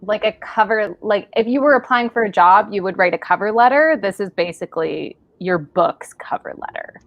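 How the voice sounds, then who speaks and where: A woman who is a guest on a live writing stream, chatting in a relaxed way and saying "like" a lot. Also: mid-range voice, normal speed, no room sound, dull audio. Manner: relaxed and talkative, heavy use of "like". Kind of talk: casual livestream chat.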